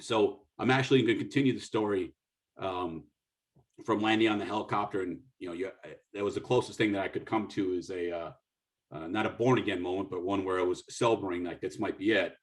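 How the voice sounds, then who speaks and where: A man's voice: low voice, fairly even intonation, brisk. A middle-aged man from the United States, a military officer telling a war story as a guest speaker over a video call, acting out dialogue with frequent restarts. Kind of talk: storytelling talk.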